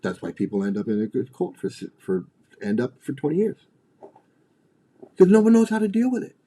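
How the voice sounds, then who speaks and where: A man's voice: medium pitch, huge pitch swings, fairly quick, dark tone. A middle-aged man hosting a livestream, ranting bluntly and profanely, often repeating and restarting his phrases. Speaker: livestream host.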